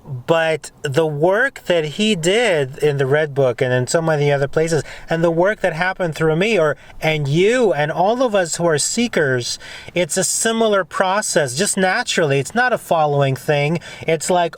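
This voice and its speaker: Guy hosting a chat, earnest and rambly, kinda high voice. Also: animated, normal speed. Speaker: host. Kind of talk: casual conversation.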